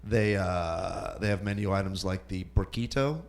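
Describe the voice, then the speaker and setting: A man's voice: sits low, normal speed. A man in his forties from Southern California doing open-mic stand-up in a comedy club, rambling with self-deprecating asides. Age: 40s. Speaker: stand-up comic.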